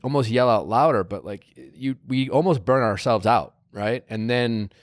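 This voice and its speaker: A man's voice: mid-range voice, normal speed, no room sound, clean studio sound. A man hosting a podcast, asking thoughtful questions in a hesitant way, with many restarts. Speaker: podcast host. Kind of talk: casual interview questions.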